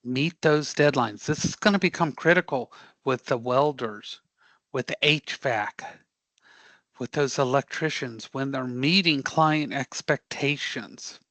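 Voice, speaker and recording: A man teaching a live career prep class, animated and joking as he quizzes the students. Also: medium pitch, measured pace, no echo. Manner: animated, joking, audience-engaging.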